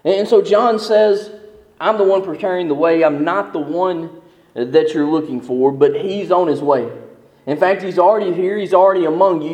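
A man preaching a sermon, reading scripture and explaining it in an earnest, emphatic way, slowing down on key verses. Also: sits high, a little mellow. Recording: echoey hall with long reverb.

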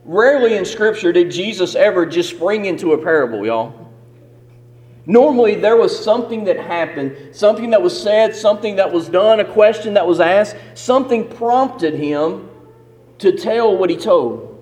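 A man's voice: high voice, animated, moderate pace, darkish tone. A man preaching a sermon as pastor, with an emphatic, repetitive cadence in a church sanctuary. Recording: long reverb of a hall.

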